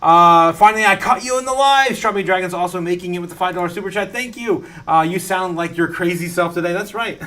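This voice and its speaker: A man's voice: high-pitched, quick pace, hardly any pauses, sharp tone. A man hosting a casual live stream from his home studio, reading out viewer messages, rambling with lots of fillers and frequent laughter. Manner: rambling, laughs often, many fillers and restarts.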